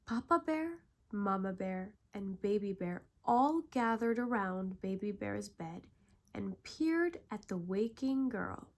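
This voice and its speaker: A woman narrating a bedtime story in a calm, gentle way. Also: medium pitch, takes it slowly.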